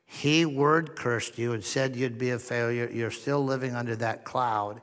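Pastor preaching in a reverberant hall. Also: male voice, mid-range voice, steady tone, normal speed, few pauses. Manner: storytelling with humor and soft-spoken quoted dialogue. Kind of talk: sermon. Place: church hall.

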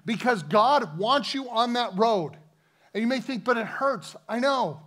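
A man with a Midwestern American accent preaching a sermon, slowing down and lingering over the words when he reads scripture. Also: very high-pitched, expressive, bright, forceful tone. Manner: earnest preaching, slows down to read scripture. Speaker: pastor. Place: church sanctuary.

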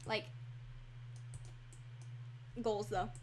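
A woman chatting casually over her computer mic while touring a game, excitable and full of fillers. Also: mid-range voice, drawn-out words, a little hiss or hum. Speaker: gaming channel host. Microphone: computer microphone.

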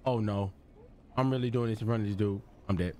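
A young man giving casual gameplay commentary, jumpy and loud, repeating exclamations and slang as he plays. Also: on the low side, a little fast, slight background noise. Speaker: gaming streamer.

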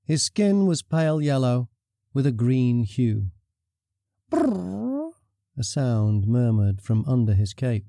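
Man reading an audiobook, really dark mellow voice, dry close sound. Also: mid-range voice, no echo. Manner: measured, even storytelling. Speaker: audiobook narrator. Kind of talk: scripted story narration.

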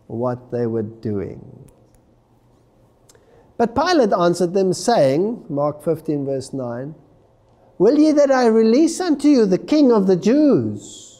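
Slow, lively-pitched man lecturing on scripture. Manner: emphatic, expository, reads scripture aloud. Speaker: religious lecturer. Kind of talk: Bible prophecy lecture.

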